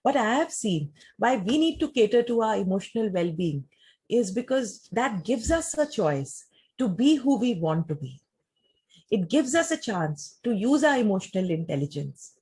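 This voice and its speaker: A woman gives a talk and answers audience questions in a measured, explanatory way, often using rhetorical questions. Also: medium pitch, sing-song, darkish tone, slightly rough.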